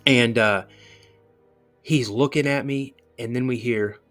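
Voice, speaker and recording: A man's voice: medium pitch, steady tone, takes it slowly, a bit bright, faint music behind. A man, a podcast guest, telling a personal encounter story in a rambling way, full of "you know" and restarts.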